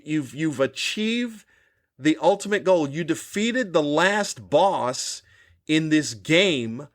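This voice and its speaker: A man's voice: fairly high pitch, a bit bright. A man, a comedian hosting his own podcast, delivering a cranky, profane rant with exasperated, mocking questions. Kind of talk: ranting comedy monologue.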